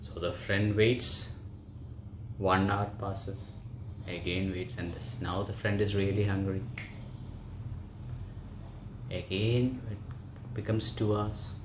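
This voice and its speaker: A man's voice: low voice, level tone, slow pace, noisy background. A yoga teacher, a man, telling a story to his class in a chatty way, often checking in with them. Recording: roomy echo.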